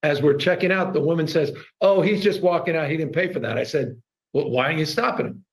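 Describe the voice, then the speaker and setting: A man's voice: fairly high pitch, fast, poor audio. A man telling an anecdote to an audience, speeding up and pressing hard when he makes his point. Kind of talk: storytelling to an audience.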